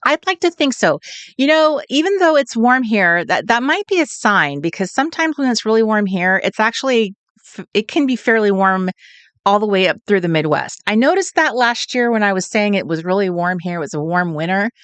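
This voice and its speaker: A woman's voice: mid-range voice, big pitch swings, a little fast, a bit bright, clear, resonant tone, dry recording. A woman from California hosting a late-night craft livestream, chatting and greeting viewers in a giggly, sing-song way. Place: home, at night.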